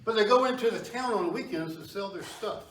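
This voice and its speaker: Here the lecturer's voice sounds high-pitched, a bit bright and fairly quick, with slight hiss or hum in the background. He's delivering a conversational public history talk to a hall audience, often quizzing them, captured by a far tripod camera amid echo.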